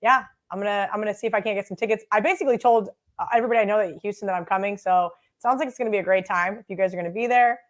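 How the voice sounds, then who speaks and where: A woman's voice: medium pitch, rapid-fire, hardly any pauses. A young woman co-hosting a sports betting show, chatting casually, brash and self-mocking, swearing freely. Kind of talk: casual live sports chat. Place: home studio with green screen.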